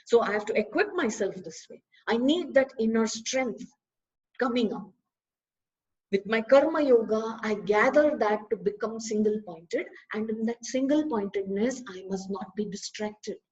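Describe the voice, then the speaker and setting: A woman giving a spiritual discourse, lively and full of rhetorical questions. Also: on the high side, unhurried, highs cut off. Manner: animated, asks rhetorical questions, acts out dialogues. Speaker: spiritual teacher.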